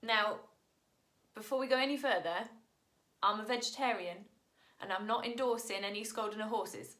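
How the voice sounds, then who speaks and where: A woman's voice: medium pitch, normal speed, a bit bright, reverberant. A woman singer patiently explaining song lyrics to viewers, in an upbeat manner, sounding out Mandarin tones as she goes.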